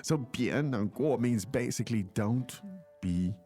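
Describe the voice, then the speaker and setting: A man's voice: medium pitch, measured pace, mellow, faint music behind. A man co-hosting a podcast language lesson, joking and rambling as he explains phrases. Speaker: co-host language teacher.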